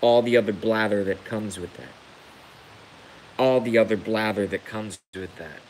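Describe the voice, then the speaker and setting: A man's voice: lowish voice, moderate pace, darkish tone, a little hiss or hum, poor audio. A man ranting on a live stream, emotional and emphatic, repeating his points to hammer them home. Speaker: livestreamer.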